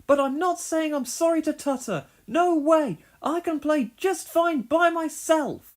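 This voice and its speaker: Woman voicing a young female bear cub, high-pitched, quick-tempered, complaining, storybook. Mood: cheerful. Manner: complaining, emphatic.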